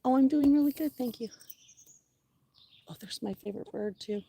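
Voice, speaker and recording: A middle-aged woman hosting a casual livestream from outdoors on a wooded ridge, chatting with viewers and her pets, sometimes dropping into soft whispers. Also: sits high, quick pace, vocal fry, husky. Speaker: livestream host. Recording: noisy outdoor recording.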